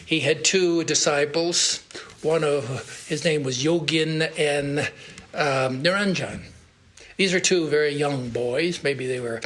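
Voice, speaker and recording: A man with a somewhat high voice delivers a Sunday lecture on spiritual life. He tells a teaching story at an easy pace and pauses to search for the right word. The talk is given in a monastery hall. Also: fairly bright tone. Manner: unhurried, searching for words as he recounts a story. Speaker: monk giving a Sunday lecture.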